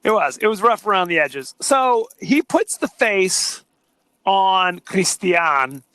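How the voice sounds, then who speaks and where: A man co-hosting a relaxed movie podcast, talking in a high, bright voice. He jokes his way through scene recaps with playful mock quotes. The sound is close and dry. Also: takes it slowly, clear, resonant tone, no room sound. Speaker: podcast co-host. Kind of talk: casual movie discussion.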